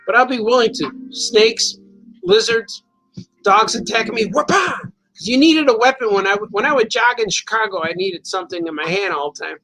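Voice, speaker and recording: A man's voice: sits high, pushed and bright, rough recording. A man hosting a live show, chatting casually and rambling from joke to joke, laughing often as he reads viewer comments. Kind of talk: casual live-stream chat.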